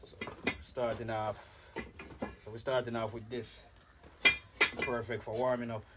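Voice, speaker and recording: A man's voice: mid-range voice, flat delivery, measured pace, heavy background noise. A man with a Jamaican accent, chatting loosely with viewers on a live workout stream from outdoors, greeting them by name. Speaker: fitness streamer. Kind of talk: casual live-stream chat. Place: outdoors in the countryside.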